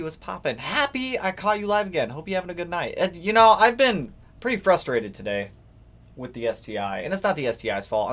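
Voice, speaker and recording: A young man hosting a casual live stream, greeting viewers by name and reading out their comments in a relaxed way. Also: mid-range voice. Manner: laid-back, greets chat by name, reads comments aloud. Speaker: livestream host. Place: garage workshop, indoors.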